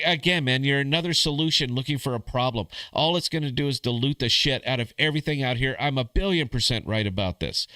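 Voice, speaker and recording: A man's voice: fairly low pitch, pushed and bright, smooth, dry recording. A man hosting a podcast in a crude, sardonic casual rant, calling listeners "man" and "brother". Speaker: podcast host.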